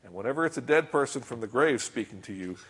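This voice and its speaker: A man's voice: mid-range voice, lively intonation, quick pace, fairly bright tone, slightly rough. A man preaching a sermon in a conversational way. He reads scripture aloud, comments on it, and keeps asking his listeners rhetorical questions.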